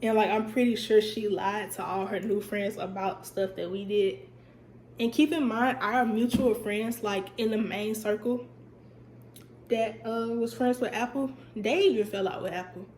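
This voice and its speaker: A woman's voice: mid-range voice, moderate pace, reverberant, slight background noise. A young woman telling a storytime on her vlog, chatty and emphatic, her voice a bit stuffy and cutting in and out. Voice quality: voice sounds stuffy, cuts in and out. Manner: chatty, animated, emphatic repetition. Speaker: vlogger.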